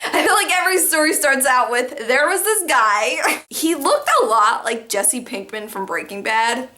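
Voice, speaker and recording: Talking straight to the camera in a casual vlog, a young woman with a high voice shares funny stories from work. She's animated, laughs easily and uses "like" a lot.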